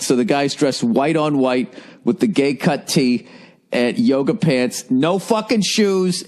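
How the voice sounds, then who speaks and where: A man's voice: mid-range voice, darkish tone. A middle-aged man with a Boston accent hosting a solo podcast, ranting in a rambling, sarcastic and profane way. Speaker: podcast host. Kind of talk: solo comedic podcast rant.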